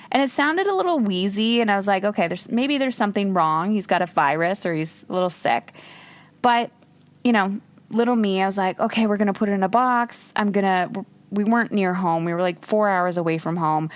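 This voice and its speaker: A woman hosting a podcast tells a personal story in a laid-back way, swearing freely and jumping high in pitch when quoting her own exclamations. She speaks at a moderate pace, with no echo.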